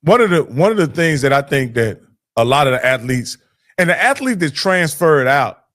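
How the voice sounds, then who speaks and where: A man's voice: on the high side, big pitch swings, fairly bright tone. A man hosting a sports talk show, rambling and restarting his sentences as he thinks aloud. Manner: rambling, halting, many restarts.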